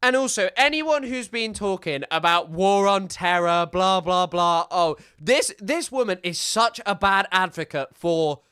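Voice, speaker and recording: Male host, high bright smooth voice, sarcastic, stammers when he reacts. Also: unhurried, few pauses. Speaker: political commentary host. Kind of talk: casual commentary on clips.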